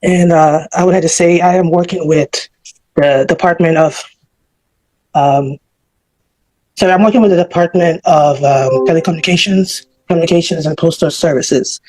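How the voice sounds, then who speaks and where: A government department official, out of breath, delivers rambling prepared remarks over online call audio, full of fillers and self-corrections. His voice is a little high and a little mellow, steady in tone and at normal speed, with no room sound and poor audio.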